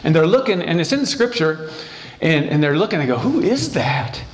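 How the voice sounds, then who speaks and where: A man preaching a sermon as pastor, passionate and animated, acting out quoted lines playfully. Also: on the high side, brisk. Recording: echoey room.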